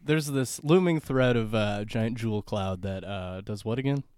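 A man's voice: on the low side, normal speed, a little mellow, clear, resonant tone, dry recording, clean studio sound. A man co-hosting a casual comedy chat, laughing often as he rambles through an improvised movie plot. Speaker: podcast co-host.

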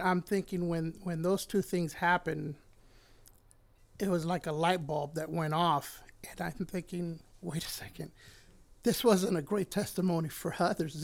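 A man's voice: high voice, fairly even intonation, moderate pace, vocal fry. A middle-aged man from Puerto Rico, a church elder and pastor, telling his personal faith testimony in an earnest, heartfelt way that turns emotional at moments.

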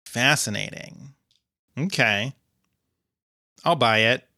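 A man's voice: mid-range voice, slow, bright, forceful tone, dry recording, studio quality. A man co-hosting a podcast, recapping a TV episode in casual chat and playfully acting out the characters' lines. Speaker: podcast co-host.

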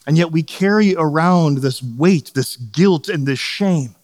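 A man's voice: fairly high pitch, expressive, normal speed, hardly any pauses, darkish tone. A man in his thirties preaching a sermon in a conversational way, often checking in with "right?" and acting out quotes. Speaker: pastor. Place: church sanctuary. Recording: long hall reverb.

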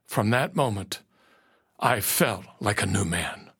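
A man narrating a first-person story slowly and earnestly, dropping to a hush at moments. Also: fairly low pitch, lively intonation, breathy edge. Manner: slow, earnest storytelling with quiet hushed moments.

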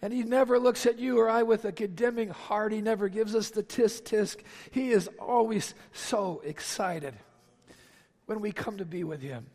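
Male pastor, high voice, emphatic repeating sermon style, long hall reverb. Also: normal speed, creaky, a little mellow. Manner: impassioned preaching with emphatic repetition. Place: large church sanctuary.

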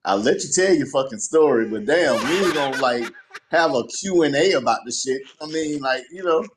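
Male co-host, mid-pitched, blunt and exasperated, light noise under the voice. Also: lively intonation, moderate pace. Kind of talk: casual chat.

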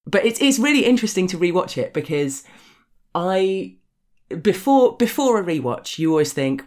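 A woman's voice: on the low side, very animated, moderate pace, a little mellow. A woman with a posh English accent, chatting frankly as an interview guest, swearing freely and laughing often. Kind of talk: casual interview chat.

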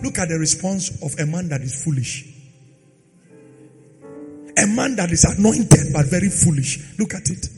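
A pastor preaching a dramatic sermon, swinging from loud sung phrases to quiet asides. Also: male voice, sits high, expressive, normal speed, long pauses. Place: church hall. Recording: long hall reverb with faint music.

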